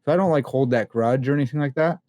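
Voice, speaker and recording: A man's voice: medium pitch, fast, no room sound. Candid, slangy young man telling stories. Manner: candid, animated storytelling with slang and fillers. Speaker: podcast guest. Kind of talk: casual conversation.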